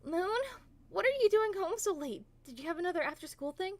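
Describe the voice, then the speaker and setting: A woman doing a quick, nagging mare. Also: very high voice, expressive, no room sound, voice pushed up. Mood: scolding.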